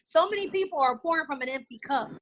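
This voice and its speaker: A middle-aged woman telling a story on a video call, animated and repeating herself. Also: sits high, fast talker, a little hiss or hum, poor audio. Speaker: guest. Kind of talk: casual video call chat.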